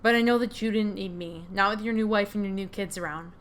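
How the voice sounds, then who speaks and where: A woman voicing a hurt, angry young woman confronting her family, read in a steady, bitter tone while playing a game. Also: mid-range voice, a little fast, lightly acted. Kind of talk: reading game dialogue aloud.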